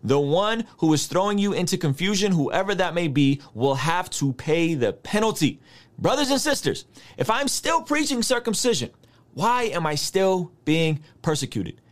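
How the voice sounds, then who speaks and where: Animated, high-pitched preaching man. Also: normal speed. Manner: animated, mock-outraged asides; addresses listeners directly, conversational. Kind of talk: sermon-style scripture teaching.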